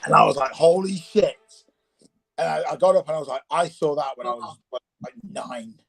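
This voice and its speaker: Man, gravelly, husky, casual storyteller, animated, faint music behind. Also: a little high, a little fast, low-quality recording. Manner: animated, acts out voices in his story.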